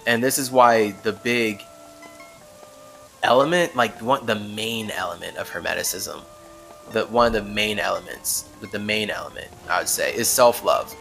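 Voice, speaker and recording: Bright-voiced man rambling on a podcast. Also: on the low side, normal speed, vocal fry, faint music behind. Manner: rambling, emphatic, laughs often. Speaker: podcast host. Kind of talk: casual spiritual monologue.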